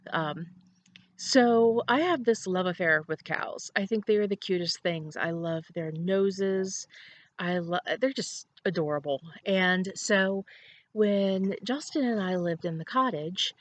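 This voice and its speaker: A woman's voice: lowish voice, measured pace, slight background noise. A woman hosting a knitting podcast from home, chatting casually, rambling and laughing often. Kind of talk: casual chat to camera.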